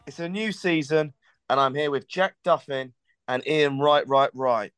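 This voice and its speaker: A man's voice: on the high side, a little slow, a bit bright, clear, resonant tone, soft background music. A man hosting a podcast, chatting casually and joking in a rambling, friendly way. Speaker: podcast host.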